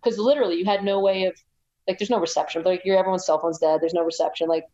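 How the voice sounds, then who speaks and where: American woman guest, rapid chatty storyteller, lo-fi dull recording. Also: on the low side. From United States. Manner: rapid, animated, chatty with many restarts. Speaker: guest, ultrarunner. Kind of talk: casual interview storytelling.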